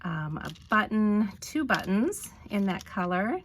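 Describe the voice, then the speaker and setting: A woman vlogger narrating an unboxing, gushing with delight and often pausing with ums. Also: medium pitch, very animated, slight background noise. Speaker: crafting vlogger.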